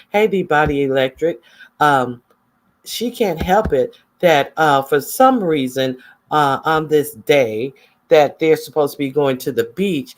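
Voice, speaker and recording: A man giving casual, gossipy livestream commentary and chatting with his viewers. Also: on the high side.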